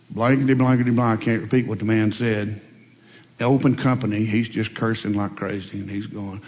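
A man preaching a sermon, telling folksy stories and swinging between loud emphatic lines and quiet asides. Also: medium pitch, normal speed. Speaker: pastor. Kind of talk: sermon with storytelling. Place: church sanctuary. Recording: long reverb in a large hall.

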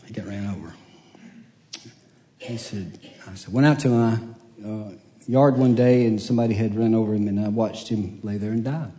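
This older pastor's voice is fairly low and dark, steady in tone, moving at a moderate pace with long pauses. His sermon leans on homespun jokes and family stories told in a folksy way, and he chuckles at his own punchlines. The sound carries the long reverb of a church hall.

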